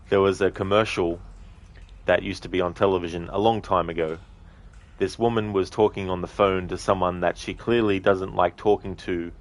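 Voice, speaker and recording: Low-voiced guy streaming a game, chatty and relaxed, thanking viewers. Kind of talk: casual live-stream chat while gaming.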